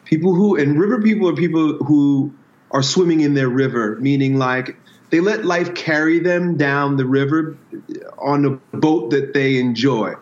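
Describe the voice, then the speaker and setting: A man with a fairly high voice speaks thoughtfully as an interview guest, working through his ideas with images and stories from his own life. The sound is roomy and a bit dull, as if picked up in an echoey space with a modest mic. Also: moderate pace. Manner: reflective, explains with metaphors and personal stories. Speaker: strength coach, guest. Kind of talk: casual conversational interview.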